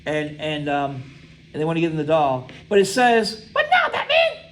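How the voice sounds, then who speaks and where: A man's slightly high, animated voice comes through a low-quality recording at normal speed. This instructor leads a lecture by reading aloud and pausing for students to supply missing words, frequently adding "right?"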